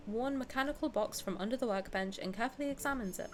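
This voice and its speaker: A woman's voice: a little high, fast talker, slight background noise. A woman in her twenties, a streamer, reads game text aloud and chats bluntly and playfully with her viewers. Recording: game music playing behind.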